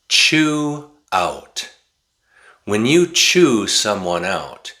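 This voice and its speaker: Male teacher from Wisconsin, deliberate over-enunciation, bright and forceful tone. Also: deep voice. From Wisconsin, USA. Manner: slow, deliberate, exaggerated enunciation. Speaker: English teacher. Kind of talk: pronunciation lesson.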